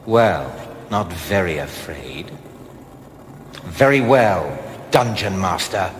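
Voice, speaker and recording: A slow, taunting game villain. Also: male voice, lowish voice, a bit bright. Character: menacing, mocking male gamekeeper of a horror game. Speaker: game show villain host. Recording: old clip with hall reverb and faint hiss.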